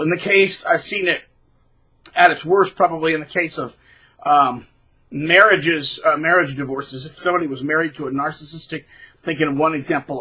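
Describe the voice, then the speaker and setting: A man's voice: bright, forceful tone, husky. A man hosting his own channel, talking in a blunt, scornful casual rant. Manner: blunt, scornful, mocks people in shrill voices. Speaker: channel host.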